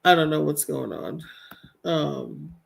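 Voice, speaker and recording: A woman's voice: sits low, expressive, slow pace, creaky. A young woman hosting a casual live-stream commentary show, chatty and exasperated, with slangy asides to her viewers.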